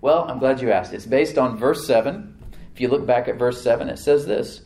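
A man preaching a sermon as pastor of his church, conversational, with repeated words and restarts, swinging from loud emphatic bursts to low quiet asides. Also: moderate pace, echoey room.

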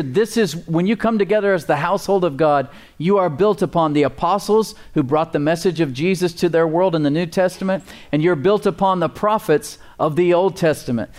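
A man's voice: high voice, a little mellow. A man preaching a sermon as pastor, emphatic, with call-and-response asides and repeated words for emphasis.

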